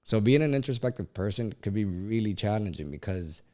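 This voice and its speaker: A man's voice: lowish voice, lively intonation, fairly quick, darkish tone. A man co-hosting a podcast in casual chat, talking in a reflective, thoughtful way. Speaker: podcast co-host.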